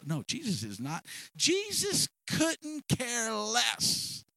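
High-voiced preacher man, impassioned sermon. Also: no echo, poor audio. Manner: impassioned, rising to shouts, repetitive emphasis.

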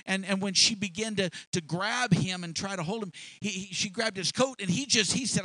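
A man preaching a sermon, retelling a story in an animated way with many restarts. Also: high-pitched, a little fast, hardly any pauses, no room sound, low-quality recording.

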